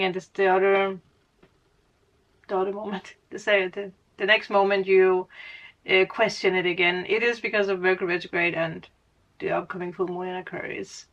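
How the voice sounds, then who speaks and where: A woman's voice: medium pitch, steady tone, normal speed, a bit bright, highs cut off. A woman giving a casual spiritual reading as a tarot reader, rambling, laughing often and correcting her own words. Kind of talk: casual spiritual guidance monologue.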